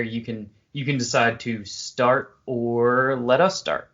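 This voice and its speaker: A relaxed man in his twenties trading jokes as a podcast co-host, often restarting his sentences. His voice has a plain middle pitch. The sound is dull and lo-fi. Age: 20s. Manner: joking, relaxed, halting. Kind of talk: casual podcast chat.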